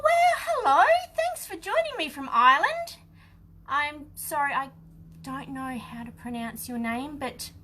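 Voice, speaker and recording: An Australian woman leads a live painting lesson in a chatty, easygoing way, talking straight to her viewers. Her voice sits a little high for a woman, and a faint hum of room ambience runs underneath. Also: fairly bright tone. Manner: chatty, talks to viewers while working. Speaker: craft teacher. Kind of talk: live-streamed painting demonstration.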